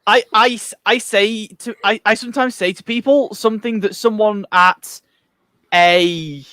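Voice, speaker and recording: A man with a fairly high voice talks in a casual podcast chat. He rambles and keeps restarting his sentences. The recording is dry, with no room sound around him. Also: bright, forceful tone, dry recording. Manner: halting, full of restarts, rambling. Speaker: co-host.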